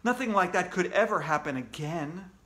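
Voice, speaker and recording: A children's author with a high voice reads his book aloud to kids, telling the story slowly and expressively.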